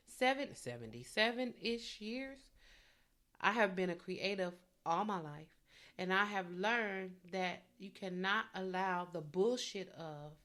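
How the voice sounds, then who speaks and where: A woman comedian hosting a solo podcast, chatting bluntly and with profanity as she retells gossip and acts out the people in it. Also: mid-range voice. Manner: animated, dishes gossip with acted-out quotes.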